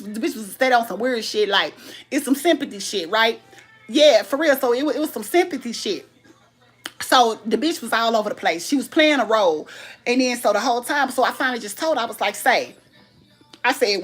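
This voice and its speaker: A woman's voice: on the high side, husky. A woman in a casual livestream vlog, animatedly retelling a phone argument. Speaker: livestream host. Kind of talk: casual storytelling rant.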